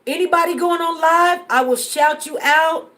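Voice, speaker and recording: Woman, high voice, live-stream host, casual chat, earnest, repeats herself. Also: normal speed, fairly bright tone.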